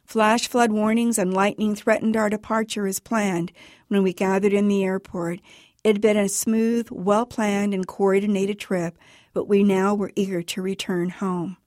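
A woman author reading her own personal account aloud for radio in a measured, even storytelling manner. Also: medium pitch, no room sound, studio quality.

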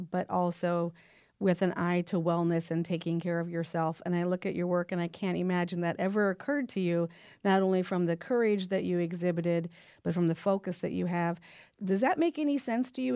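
Radio host lady, dark mellow voice, dry sound, careful questions. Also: on the low side, fairly even intonation, clear, resonant tone, dry recording. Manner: earnest, measured questions. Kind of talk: radio interview.

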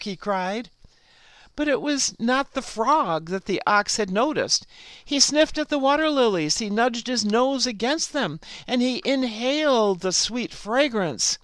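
Slow, clear-voiced woman storyteller. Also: a little high, no echo. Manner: slow, unhurried read-aloud delivery. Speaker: program host and storyteller. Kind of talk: scripted story narration.

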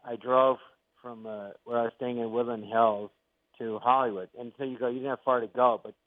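Over a tinny, dry phone connection, a middle-aged actor-comedian tells stories in a relaxed interview, acting out every quote with animation. His voice sits in the mid range, and he talks a little fast.

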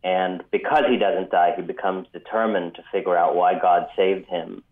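A man telling a story as an author guest in a radio interview, measured with frequent ums, heard over a phone line. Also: low voice, steady tone. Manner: measured, many ums, vivid retelling.

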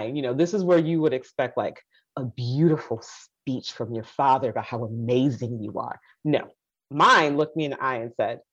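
A woman's voice: extremely low pitch, darkish tone. A woman born in Haiti telling her life story with passion, acting out the voices of people she quotes. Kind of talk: personal storytelling talk. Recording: dull lo-fi recording.

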